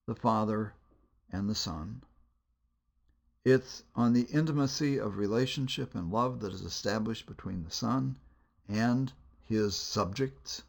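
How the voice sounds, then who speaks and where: A man giving a teaching lecture on biblical storytelling, measured and deliberate, pausing with hesitations between phrases. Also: fairly low pitch, creaky. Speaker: Bible lecturer.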